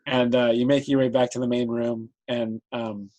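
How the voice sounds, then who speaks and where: A man narrating as game master for a tabletop game, explaining rules in a relaxed way and laughing often. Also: mid-range voice, moderate pace, poor audio.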